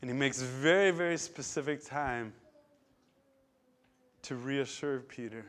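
A man's voice: mid-range voice, unhurried, pauses often. Emphatic male preacher. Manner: emphatic, swings between loud stresses and quiet drops. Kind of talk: sermon.

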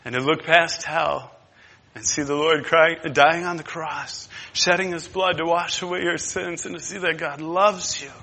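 Bright-voiced impassioned preacher man. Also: on the high side, fairly even intonation, a little slow, creaky, long reverb tail. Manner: impassioned, swinging from hushed to loud; repetitive, emphatic. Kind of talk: sermon.

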